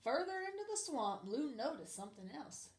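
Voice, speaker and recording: A woman's voice: high voice, big pitch swings, moderate pace. A woman reading a picture book aloud in a put-on Southern US accent, chatty and friendly. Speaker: storybook reader.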